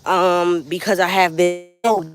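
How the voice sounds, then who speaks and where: A woman's voice: fairly low pitch, little pitch movement, measured pace, music in the background. A woman giving an earnest, heartfelt live vlog as she walks through a rural backyard field, speaking straight to her viewers. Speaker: vlogger. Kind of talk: casual motivational live vlog.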